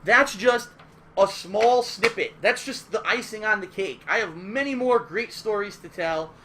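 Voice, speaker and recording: A man casually telling a story from his past as a gaming streamer, animated, emphatic and full of swearing. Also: high-pitched, unhurried, a little hiss or hum. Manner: animated, profane, emphatic retelling.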